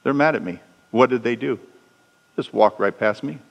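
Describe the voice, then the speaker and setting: Guy preaching a sermon, plays out the little stories, voice jumps high then drops low, big echo off the hall. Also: moderate pace, vocal fry, highs cut off. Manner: storytelling with acted dialogue, pitch swinging up and down. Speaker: pastor. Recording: long echo of a large hall.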